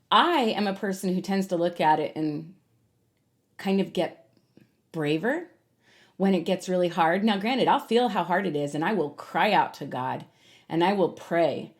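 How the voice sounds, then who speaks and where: Earnest woman podcaster, lower voice. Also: darkish tone. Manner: candid, earnest, many fillers and restarts. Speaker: podcast host. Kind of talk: personal faith talk, unscripted monologue.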